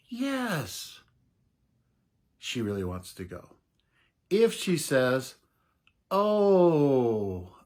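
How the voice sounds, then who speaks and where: A middle-aged man giving unhurried, casual advice to camera as a voice coach, explaining with soft laughs. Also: medium pitch.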